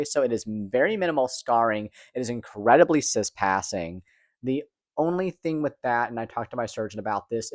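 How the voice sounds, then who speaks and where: A man's voice: medium pitch, dry recording. Chatty young man vlogging, dry close sound. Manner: chatty, fast-talking, candid with casual swearing. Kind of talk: casual personal vlog.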